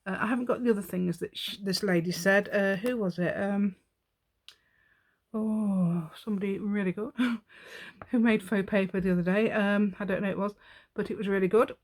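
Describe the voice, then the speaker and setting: A woman's voice: medium pitch, steady tone, moderate pace. A woman giving a chatty craft demonstration at home, rambling and talking to herself while she works.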